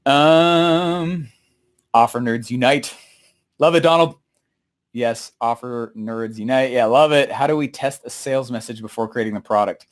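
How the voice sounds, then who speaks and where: A man's voice: mid-range voice, measured pace. A man hosting a live question-and-answer stream, talking energetically and telling stories with many repeats and fillers. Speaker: host answering viewer questions.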